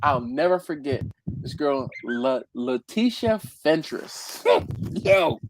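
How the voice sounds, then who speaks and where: Animated man with a Philadelphia accent. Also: mid-range voice, takes it slowly, a little hiss or hum, rough recording. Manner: animated storyteller, laughs often, repeats himself. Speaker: panelist on a live barbecue Q&A stream. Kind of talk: casual storytelling chat.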